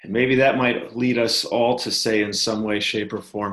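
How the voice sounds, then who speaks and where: A man giving a sermon as a pastor, talking in a slow, gentle, reflective way with many fillers and pauses. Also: on the low side, steady tone. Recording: echoey room.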